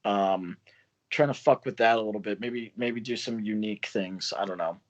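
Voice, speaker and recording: A man's voice: lowish voice, moderate pace. Man, small press publisher, loose swearing talk, dull lo-fi call sound. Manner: loose, swearing, laughs often. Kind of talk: casual video call chat. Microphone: video call.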